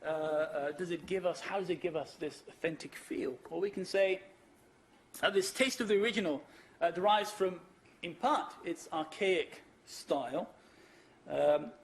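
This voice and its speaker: A man from the Netherlands gives a keynote lecture in a fairly high voice. He explains at an easy pace, with frequent "uh"s and a questioning "right?". When he reads quoted verse, he gives it a pronounced, emphatic rhythm over a faint background hiss. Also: unhurried. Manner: explanatory, with many fillers and rhetorical "right?". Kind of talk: academic conference lecture.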